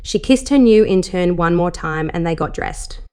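A woman narrating an adult story in a soft, steady reading voice as the channel host. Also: lowish voice, moderate pace, smooth.

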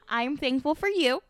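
A young woman from Colorado co-hosting a podcast in casual, chatty talk, laughing and swearing freely. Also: sits high. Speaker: podcast co-host. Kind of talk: casual chat.

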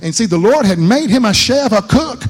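A man's voice: very high-pitched, expressive, normal speed, slightly rough. Preacher man in a reverberant hall. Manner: rambling, repeats words, laughs at himself, acts out voices in stories. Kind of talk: folksy sermon with storytelling.

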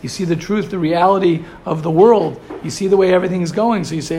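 A man's voice: high-pitched, fast, few pauses, darkish tone, slight background noise. A man teaching a Torah class, asking rhetorical questions and mixing in Hebrew and Yiddish terms. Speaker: yeshiva teacher.

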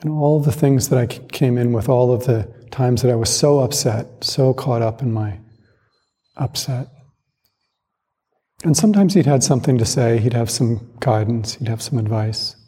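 Male Zen teacher, calm and measured dharma talk, husky mellow voice, long reverb of a hall. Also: medium pitch. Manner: calm, reflective, measured with pauses.

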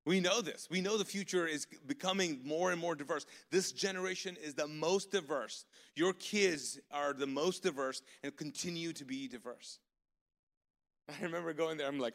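A man preaching a live sermon as pastor, telling stories in an animated way with sudden loud outbursts of excitement. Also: a little high, normal speed. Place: large church auditorium. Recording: long hall reverb from live church service.

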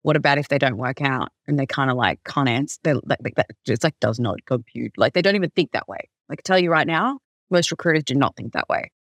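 Brief: woman business founder as podcast guest, lively storyteller, dry close sound. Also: extremely low pitch, quick pace, no echo. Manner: animated storyteller, heavy use of "like". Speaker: recruitment company founder, guest. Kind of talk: conversational podcast interview.

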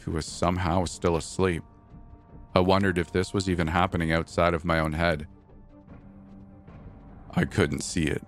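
A man narrating a first-person horror story in a slow, grave, measured way. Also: low voice. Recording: narration over faint background music.

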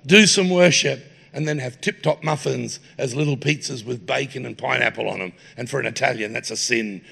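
A man's voice: medium pitch, vocal fry, a bit bright, slightly rough. A man preaching in a church, mixing jokey anecdotes with sermon points. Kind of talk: humorous sermon storytelling. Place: church hall.

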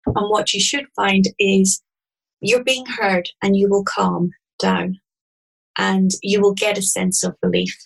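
A woman explaining a tapping technique step by step, in a gentle and calm manner. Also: mid-range voice, slow, creaky, slightly rough, rough recording. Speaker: EFT practitioner guest. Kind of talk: guided instruction in an interview.

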